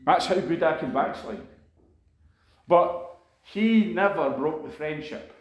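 A man's voice: a little high, lively intonation, takes it slowly. Earnest man preaching in an echoey room. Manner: conversational, earnest storytelling with many asides. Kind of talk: sermon testimony.

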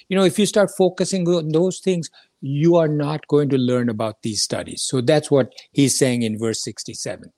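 A man's voice: fairly high pitch, moderate pace, darkish tone, no room sound, studio quality. A man teaching a scripture lesson in an earnest, explanatory way, repeating his key points as he goes.

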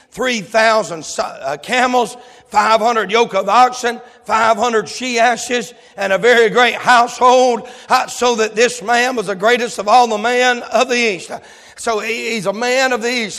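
A man preaching a fervent sermon, filling it with "uh" and "amen" and breaking into shouts. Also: high-pitched. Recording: long hall reverb.

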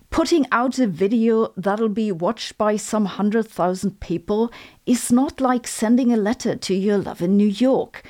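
A woman's voice: mid-range voice, darkish tone. German-accented woman giving a dry lecture. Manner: lecturing with dry sarcastic jokes. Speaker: physicist and video host. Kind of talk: scripted educational monologue.

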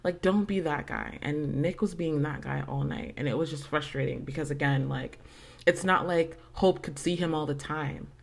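A woman's voice: sits low, moderate pace, gravelly. Chatty young woman telling a story. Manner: chatty, swears often, lots of "like" and "um" fillers. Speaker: podcast host. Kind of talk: casual storytelling.

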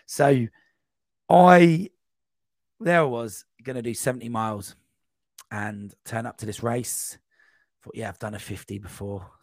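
A man guest on a podcast, telling a long, rambling running anecdote in a casual, animated way. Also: lowish voice, moderate pace, no room sound. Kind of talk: casual storytelling.

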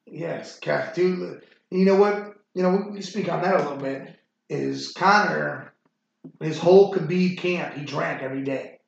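A man's voice: fairly high pitch, unhurried, creaky. A man hosting a casual sports chat podcast, rambling and swearing freely. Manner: rambling and profane, frequent fillers. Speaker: podcast host. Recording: echoey room, muffled sound.

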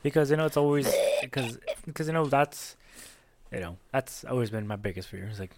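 A man's voice: mid-range voice, lively intonation, brisk. A man co-hosting a podcast in casual, joking chat. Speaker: podcast co-host.

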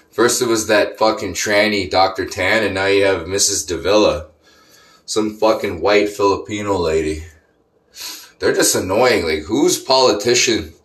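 This is a casual rant from a thirtysomething man, rambling, sarcastic and full of profanity. His fairly low voice is a bit bright, recorded in an echoey apartment-complex room.

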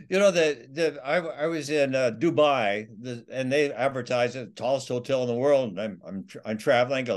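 This male author, interviewed as a guest, rambles through his survival stories with many restarts. His mid-range voice moves at a normal speed with few pauses.

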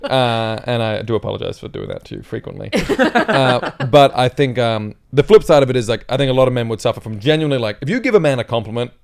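Fast, lively-voiced joking man. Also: mid-range voice, gravelly. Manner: joking, teasing banter. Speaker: podcast co-host. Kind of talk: casual podcast chat.

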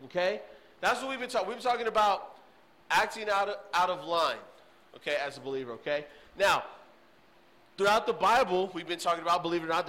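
A man's voice: high voice, a bit bright. A man, preaching a casual sermon as a youth pastor and often checking in with "okay?". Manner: casual, chatty, frequent "okay?" check-ins. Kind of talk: sermon to teens.

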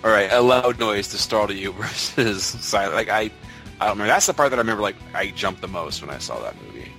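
A man with a fairly low voice that still comes out bright and sharp. His pitch swings a lot as he talks in a loose, animated way, cursing casually. Faint music sits underneath. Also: fast. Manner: animated, swears freely, retells scenes. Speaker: podcast co-host. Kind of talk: casual chat.

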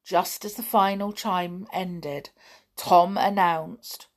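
A woman narrating a children's story aloud, expressive, with dramatic pauses. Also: fairly low pitch. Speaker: audiobook narrator.

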